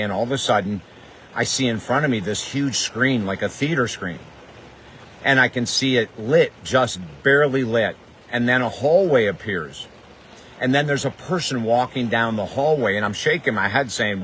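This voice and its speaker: A man's voice: medium pitch, a bit bright, a little hiss or hum, low-quality recording. An older man and grief counselor telling a personal story in an earnest, emotional way, often repeating phrases for emphasis.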